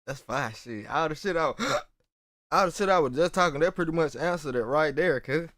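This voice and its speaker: A man with a slightly high, bright voice and lively intonation gives casual reaction commentary on a video at a moderate pace. He rambles in profane slang, recorded clean in a studio with no room sound.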